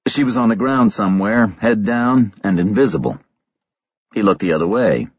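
A man narrating a thriller audiobook in a measured, terse delivery on a slightly dull recording. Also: on the low side, lively intonation, breathy edge, no room sound.

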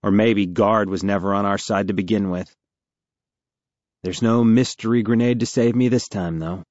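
A man's voice: on the low side, fairly even intonation, normal speed, darkish tone, no echo, muffled recording. A man narrating a first-person audiobook in a tense, earnest way with a wry edge.

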